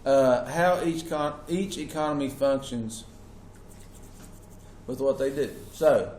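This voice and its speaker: A male teacher lectures his class, asking questions and stressing key words, in an echoey classroom with faint noise. His voice is medium-pitched, a little mellow, and slow.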